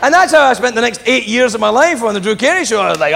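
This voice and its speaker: A man's voice: very high voice, very animated, quick pace, gravelly, hardly any pauses, heavy background noise. A brash, profane, self-mocking man from Britain doing a stand-up routine on a comedy club stage over a laughing crowd.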